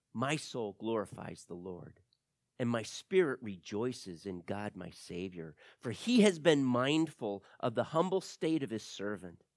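A man preaching a sermon as pastor, reading scripture aloud with emphatic stresses and soft drops. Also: medium pitch, dry recording, studio quality.

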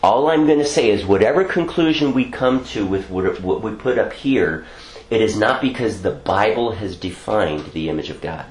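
Lively low-voiced man teaching a class. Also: normal speed, reverberant. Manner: talks through ideas, asks "okay?" often.

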